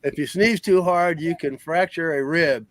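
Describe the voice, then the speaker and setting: A man's voice: fairly high pitch, normal speed, a bit bright, dry recording. A man co-hosting a casual live stream chat, reading fun facts and joking. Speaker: co-host.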